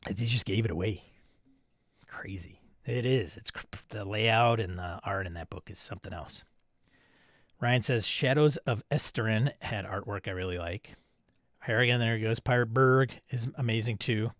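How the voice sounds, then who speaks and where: A man hosting a live stream reads his chat aloud and riffs on the messages with easy chuckles. His voice is lowish and a bit bright, his pace moderate, and there is no echo.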